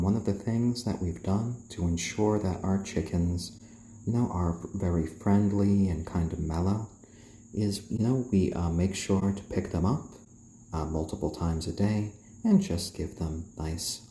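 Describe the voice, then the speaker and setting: Guy chatting on a live stream in a soft calming voice, swoops up and down a lot, kinda echoey indoor room. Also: sits low, a little hiss or hum. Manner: soft, slow, soothing voice used to calm the chickens. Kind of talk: casual live-stream chat, reading out viewer comments. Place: indoors, roomy. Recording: roomy echo.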